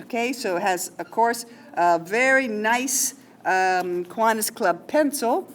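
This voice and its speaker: In a school hall or classroom, a woman hosts an award ceremony, casually reading teacher nominations with informal asides and fillers. Her voice sits in the mid range, and there is slight background noise.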